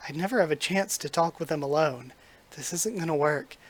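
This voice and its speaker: A man's voice: on the high side, a little fast, lightly acted. Flustered shy witch girl, as a man reads her lines. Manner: anxious, self-scolding inner monologue. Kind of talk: reading manga aloud.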